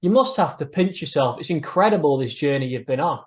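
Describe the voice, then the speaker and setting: A man interviewing a fighter, speaking fluently and smoothly in well-formed lead-in questions. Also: on the high side, expressive, brisk.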